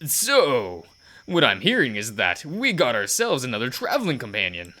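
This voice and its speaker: A talkative, easygoing biker with homespun turns of phrase, put on by a man. The voice is pushed up above the man's usual pitch and sounds bright and forceful. It is a visual novel figure, read aloud during a game playthrough. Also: huge pitch swings, moderate pace. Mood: folksy. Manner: homespun folksy speech. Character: folksy easygoing male biker, friendly and talkative.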